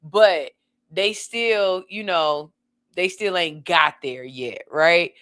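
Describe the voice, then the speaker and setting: A woman's voice: on the low side, slow pace. A woman hosting a podcast, reacting to clips in casual, profane commentary and laughing often. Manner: loud, laughs often, swears freely. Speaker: podcast host.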